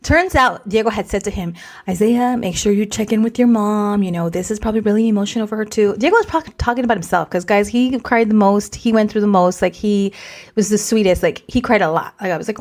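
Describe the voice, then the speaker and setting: Animated woman mixing in Spanish words. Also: medium pitch, fairly quick. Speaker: podcast co-host. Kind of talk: casual storytelling chat.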